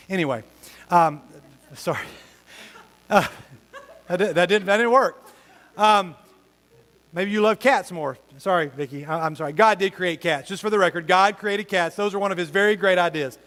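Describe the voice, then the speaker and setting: Man, pastor, sermon, high voice, long hall reverb, animated storyteller. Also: fairly quick. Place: church hall with tables.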